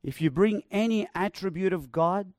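Emphatic high-voiced male preacher. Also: a little mellow, dry recording, studio quality. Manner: emphatic, rising to proclaim with slow repeated phrases. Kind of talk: sermon.

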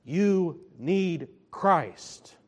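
A man preaching a sermon, slow and emphatic, stressing and repeating his key phrases. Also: a little high, expressive, a little hiss or hum.

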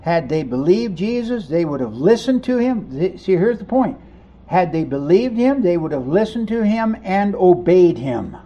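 A man preaching a sermon, animated, acting out the voices of people in the story as he teaches. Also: sits high, moderate pace, muffled recording. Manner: animated, acts out voices of the crowd and disciples. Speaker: pastor.

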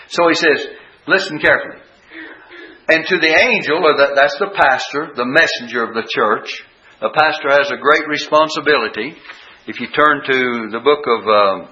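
A man's voice: mid-range voice, sharp tone. An older man preaching a Bible-teaching sermon, explaining verse by verse and repeating phrases for emphasis. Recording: dull lo-fi church recording.

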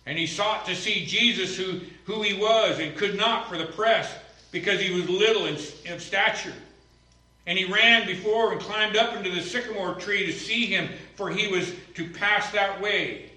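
A man preaching a sermon, telling stories and moving between hushed moments and loud exclamations. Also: high-pitched, moderate pace. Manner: storytelling, swings from hushed to exclaiming. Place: church sanctuary. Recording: echoey church from a distance.

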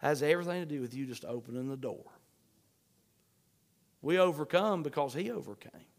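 A man preaching a sermon, fervent, swinging between shouts and hushed pleading. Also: fairly high pitch, lively intonation, brisk. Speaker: pastor. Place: church sanctuary. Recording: long hall reverb.

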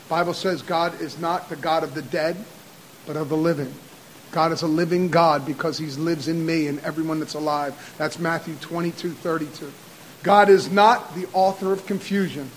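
High-voiced guy preaching in church, stacks up verses then gets loud and repeats himself, bit of hiss on the recording. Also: fairly even intonation, low-quality recording. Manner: cites verses rapidly, builds to shouted repetition. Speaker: pastor. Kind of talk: sermon.

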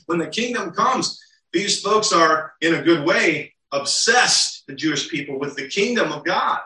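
A man's voice: fairly high pitch, animated, moderate pace, pushed and bright. A man preaching a sermon, teaching earnestly with rhetorical questions to the congregation. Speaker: pastor. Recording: roomy and distant.

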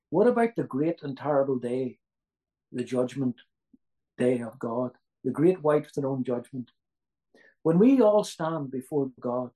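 A man's voice: mid-range voice, expressive, a little slow, pauses often, mellow, low-quality recording. A man preaching a sermon in an earnest way, who repeats key phrases for emphasis and asks his listeners rhetorical questions.

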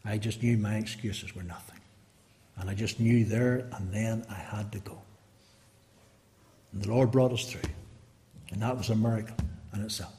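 A man's voice: fairly low pitch, fairly even intonation, normal speed, long pauses, mellow, slight background noise. A man preaching an evangelistic sermon, pleading with rhetorical questions, in a church hall. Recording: long hall reverb.

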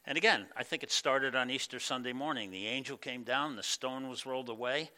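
A man's voice: medium pitch, brisk, pushed and bright. A male pastor giving a conversational sermon, with many fillers and acted-out quoted voices. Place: church.

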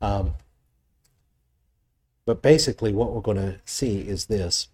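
Mellow-voiced man preaching a sermon. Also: medium pitch. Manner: teaching, reads scripture aloud with rising emphasis; thoughtful, with small restarts. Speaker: pastor. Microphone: presenting with slides on screen.

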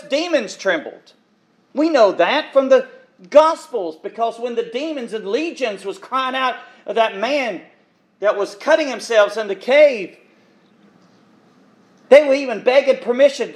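Male preacher with a high voice, delivering an impassioned sermon with dramatic swings in volume. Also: animated, moderate pace. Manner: impassioned, emphatic, swings between loud and hushed.

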